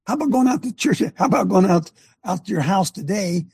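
A man preaching passionately to his congregation as host of the show, ranting with his voice leaping high when fired up. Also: expressive, fairly quick, gravelly, a little mellow, slightly rough, dry recording.

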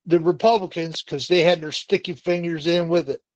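A man's voice: a little high, steady tone, normal speed, darkish tone, no room sound. Blunt man on a dull remote line. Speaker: caller. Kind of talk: political talk show call-in.

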